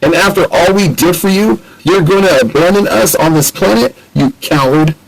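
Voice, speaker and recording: A man's voice: a little high, animated, moderate pace, voice pushed up, poor audio. A man voicing a teasing, grudge-holding young woman in a raised, mocking voice. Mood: scornful.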